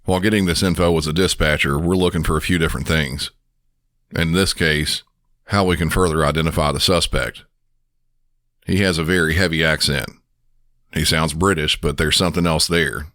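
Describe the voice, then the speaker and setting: A man with a Southern American accent, a podcast host and dispatcher, narrating a case in a calm, measured way. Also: very deep voice, no room sound, clean studio sound. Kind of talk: scripted narration.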